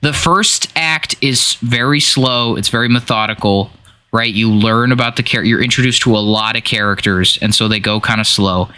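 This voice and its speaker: Male podcast co-host, bright tone, lively and profane. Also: mid-range voice, normal speed, clean tone. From Washington State. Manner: animated, swears freely, acts out scenes. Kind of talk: casual podcast chat.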